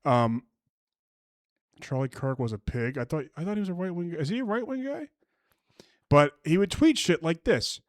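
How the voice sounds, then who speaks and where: A streamer reacts to online posts with a crude, angry, mocking rant, frequently restarting sentences. His voice is a little high with big pitch swings at a normal speed, recorded dry at studio quality.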